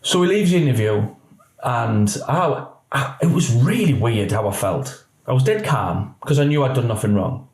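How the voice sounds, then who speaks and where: A middle-aged man tells his story in an animated way, taking on the voices of the people he quotes. His voice sits at an average pitch. The room around him is roomy and echoey. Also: moderate pace. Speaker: police officer guest. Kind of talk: candid podcast interview.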